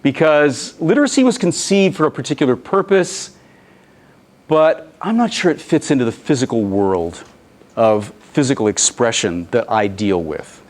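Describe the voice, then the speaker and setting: Male presenter at a talk, middle pitch, animated storyteller who voices the people he quotes. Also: normal speed. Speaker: conference presenter. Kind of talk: lecture presentation.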